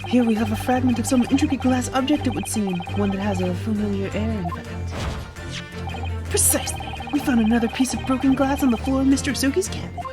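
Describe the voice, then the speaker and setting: A woman voicing a flamboyant, smug gentleman detective, lowering her voice and speaking pompously. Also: fast, natural voice. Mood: probing. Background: game music.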